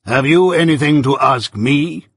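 A man with a husky voice voicing a stern, deliberate middle-aged lawyer who questions slowly and emphatically, in a storybook reading. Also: a little high, dry recording, studio quality. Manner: slow, emphatic cross-examining delivery.

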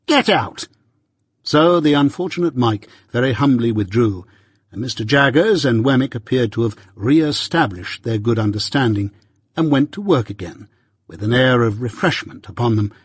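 A man narrating a classic novel in the first person with a measured, even reading. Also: mid-range voice, breathy edge, dry recording. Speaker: audiobook narrator. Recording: dry close mic.

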